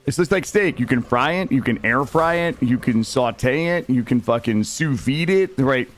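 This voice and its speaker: A man streaming a game live, excitable, swearing and talking to his chat. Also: mid-range voice, moderate pace, soft background music. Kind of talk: live gameplay commentary.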